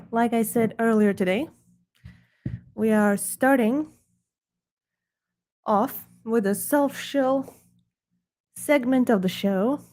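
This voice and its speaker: A woman's voice: a little high, darkish tone. An American woman hosting her own art livestream, joking and poking fun at herself in a casual chat. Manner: joking and self-mocking.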